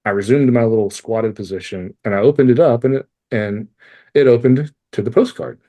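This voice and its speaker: A man's voice: medium pitch, a little fast. A man in his forties tells a personal story as a podcast guest. He talks candidly, swears freely and pokes fun at himself. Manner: swears freely, animated and self-mocking. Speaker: podcast guest, life coach.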